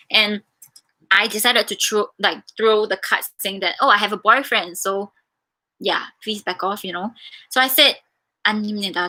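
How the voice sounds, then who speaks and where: A woman's voice: mid-range voice, moderate pace. A young woman from Singapore answering viewer questions in a casual, chatty way, telling stories with lots of fillers. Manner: chatty, animated storytelling with many fillers. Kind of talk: casual live Q&A chat.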